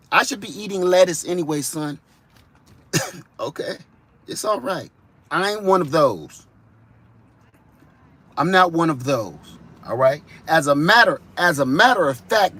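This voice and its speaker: Man from Ohio, comic monologue, slangy, animated, higher-pitched voice. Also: slightly rough. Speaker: vlogger. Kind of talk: comedic monologue.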